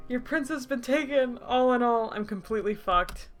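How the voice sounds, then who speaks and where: Woman streamer; expressive reader of a story game, quick emotional asides. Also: medium pitch, faint music behind. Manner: excitable, laughing, emotional reactions. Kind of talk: reading a story game aloud with commentary.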